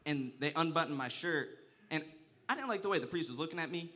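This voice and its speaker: A man's voice: fairly high pitch, expressive, fast talker, noisy background. A young man performing a stand-up comedy set, telling crude, profane stories and often laughing through his lines.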